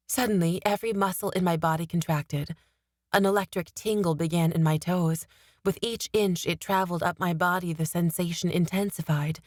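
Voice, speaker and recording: A woman narrating a fantasy novel in the first person, steady and expressive, on a studio mic. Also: lowish voice, dry recording. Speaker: audiobook narrator.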